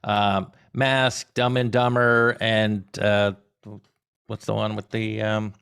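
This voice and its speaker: A middle-aged man, a comedy historian answering audience questions in an animated, digressive storytelling way. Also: fairly low pitch, slow pace, creaky, smooth. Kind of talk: conversational Q&A talk.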